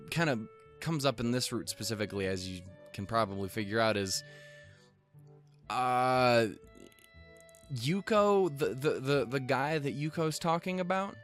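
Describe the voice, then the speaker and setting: A young man hosting a let's play, reading a visual novel aloud and cursing at himself. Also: medium pitch. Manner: excitable, swears a lot, self-mocking.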